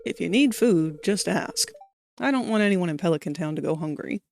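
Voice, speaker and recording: A woman's voice: on the low side, expressive, brisk, creaky, a little mellow, dry recording. A woman reading a kindly innkeeper. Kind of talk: reading a game cutscene aloud.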